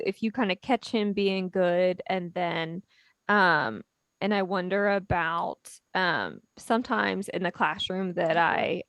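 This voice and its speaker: A woman specialist giving gentle, explanatory advice on a webinar video call. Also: on the low side, dry recording. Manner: gentle, explanatory, with many fillers.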